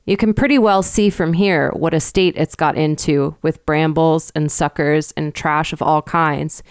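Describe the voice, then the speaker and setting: A woman's voice: low-pitched, fairly even intonation, unhurried, clean tone, dry recording, studio quality. Woman doing grave old country shepherd. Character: gruff old rustic male shepherd, grave and superstitious. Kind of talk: storybook reading.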